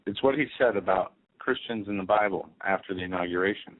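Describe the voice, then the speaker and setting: A man's voice: deep voice, brisk, no room sound. A man co-hosting a talk radio show, blunt and teasing. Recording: tinny phone-like internet radio.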